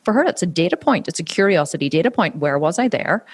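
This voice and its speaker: A woman talks freely in an interview. She tells stories with animation and drops quick voiced asides into her talk. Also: on the low side, lively intonation. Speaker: interviewee, fitness coach and athlete. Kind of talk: conversational interview.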